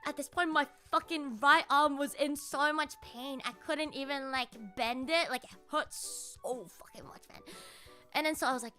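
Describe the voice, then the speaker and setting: A woman livestreamer telling a story in casual chat, animated, swearing a lot and laughing along. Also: high-pitched, moderate pace, soft background music.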